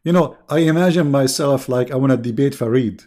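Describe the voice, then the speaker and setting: A man's voice: mid-range voice, a little fast, a little mellow. Sarcastic man hosting a livestream. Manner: sarcastic, mocking, clears throat often. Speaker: livestream host. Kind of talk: commentary monologue.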